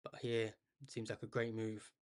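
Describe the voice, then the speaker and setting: A man's voice: fairly low pitch, little pitch movement, moderate pace. A man commentating live on a chess game for a stream, chatting with viewers and thinking aloud as he goes.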